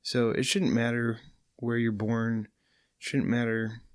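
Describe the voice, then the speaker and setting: A man's voice: medium pitch, flat delivery, takes it slowly, smooth, no echo. A man from California, a podcast guest in a studio, talking earnestly and reflectively. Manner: earnest, reflective, speaks about faith. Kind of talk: casual podcast conversation.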